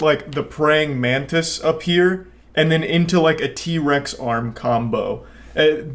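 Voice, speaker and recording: A young man talks in a dry, deadpan way, sarcastic and unhurried, with casual swearing mixed in. His voice sits at an ordinary middle pitch for a man. He rambles through fillers as he comments on a clip. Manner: relaxed, unhurried storytelling with frequent fillers. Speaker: YouTube commentator.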